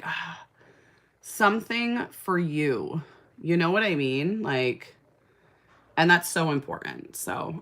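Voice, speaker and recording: Woman, 30s, live-stream seller; lowish, tense-bright voice, gushy and casual. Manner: chatty, gushing, fillers like "like" and "oh my gosh". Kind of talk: casual live-stream chat reading comments.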